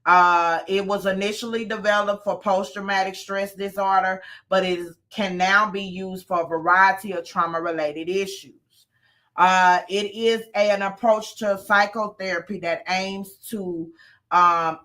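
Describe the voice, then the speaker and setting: A woman hosting a casual live chat from home, talking easily with frequent ums and pauses. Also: mid-range voice, steady tone, fairly bright tone.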